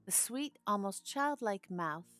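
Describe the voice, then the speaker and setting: A woman narrating a classic novel as an audiobook in a measured storytelling manner. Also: mid-range voice, expressive, a bit bright, faint music behind.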